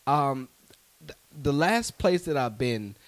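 A man's voice: mid-range voice, slow. A podcast host, a man talking in casual chat. He tells stories with animation, swearing freely and laughing often. He jumps into other people's voices as he retells conversations. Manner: animated storyteller, acts out voices in anecdotes.

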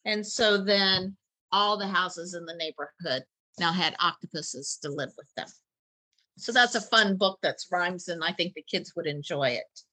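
A woman's voice: fairly low pitch, unhurried, sharp tone, husky, rough recording. A woman on a podcast recommending children's picture books and reading passages aloud like a storyteller. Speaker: teacher committee member recommending books. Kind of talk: podcast book talk with read-aloud passages.

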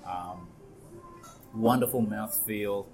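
A man with a somewhat low voice co-hosts a casual podcast from a restaurant bar. He rambles and jokes, swearing now and then. Faint background music plays. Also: slow, darkish tone, poor audio. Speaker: podcast co-host. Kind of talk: casual chat.

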